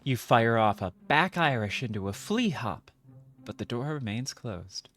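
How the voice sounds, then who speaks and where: Playful woman streamer reading game text with jokey asides, lively swooping pitch, faint game music under her. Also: unhurried. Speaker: streamer playing a video game.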